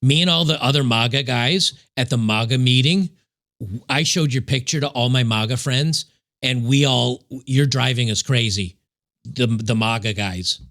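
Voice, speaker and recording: A man's voice: medium pitch, moderate pace, a bit bright. A man hosting a reaction commentary show, talking in a sarcastic, mocking way. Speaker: commentary host.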